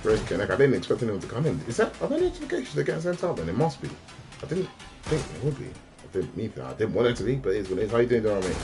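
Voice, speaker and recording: A man's voice: mid-range voice, huge pitch swings, racing. A man, chatting casually on a livestream in a rambling, slangy way that often breaks off mid-sentence. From South West London. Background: faint radio music.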